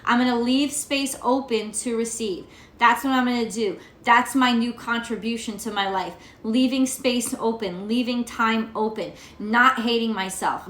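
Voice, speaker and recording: Reading cards for her vlog, this woman from the United States swears freely and rambles on, her fairly high voice bright and forceful. Echo fills the room.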